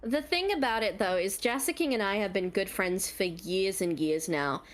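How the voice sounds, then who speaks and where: A woman with an Australian accent, a voice actor guest, answers convention panel questions in a medium-pitched voice at normal speed. She's bubbly, laughs, and repeats herself for emphasis.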